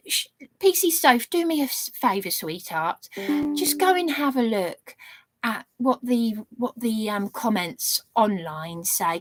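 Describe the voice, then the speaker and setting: Woman ranting into her camera, cross and sarky, higher voice, dry sound. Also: no echo. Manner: indignant and ranting, sarcastic jabs. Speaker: vlogger. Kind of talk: angry monologue to camera.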